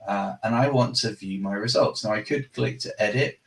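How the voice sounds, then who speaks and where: Low-voiced man, distant from the mic. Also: normal speed. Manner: chatty, self-deprecating, restarts phrases. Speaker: product demo presenter. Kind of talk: casual screen-share demo.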